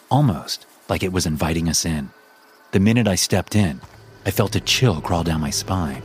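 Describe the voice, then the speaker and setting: Deep voiced guy reading creepy stories for his channel, slow and suspenseful. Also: a little hiss or hum. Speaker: horror story narrator and channel host. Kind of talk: scripted horror narration.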